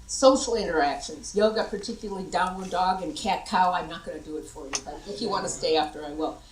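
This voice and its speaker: A middle-aged American woman giving a lively conference workshop and demonstrating vocal tones to the audience. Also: lowish voice, quick pace, a little hiss or hum. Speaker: workshop presenter. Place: large conference hall. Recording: echoey hall, voice from far off.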